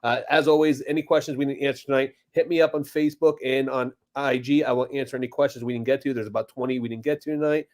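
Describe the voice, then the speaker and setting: A man co-hosting a live chat stream, upbeat and brisk as he promotes his channel. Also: medium pitch, steady tone, a little mellow. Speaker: co-host.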